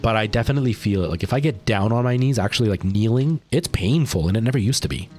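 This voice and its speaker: Chatty low-voiced male streamer. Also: expressive, fast talker, darkish tone, faint music behind. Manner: rambling, chatty, talks to chat while playing. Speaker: livestreamer. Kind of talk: casual gameplay stream chat.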